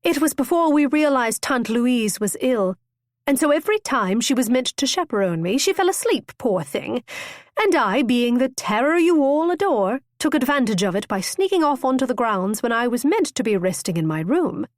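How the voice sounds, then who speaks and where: A woman's voice: a little high, very animated, normal speed, no echo, studio quality, voice pushed up. A woman voicing an impulsive, witty young noblewoman who tells her tale eagerly and theatrically. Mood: lively. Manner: bright, eager, storytelling.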